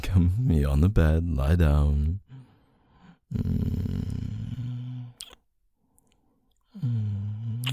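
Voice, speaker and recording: A man performing an intimate adult audio role-play in a dominant, teasing way, with soft moans and whispered asides. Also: deep voice, gravelly, slightly rough, dry recording, clean studio sound.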